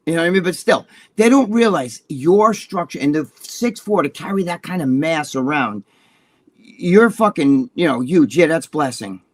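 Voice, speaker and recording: A man co-hosting a casual chat show, telling stories in an excitable, profane way with many restarts. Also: high voice. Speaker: co-host.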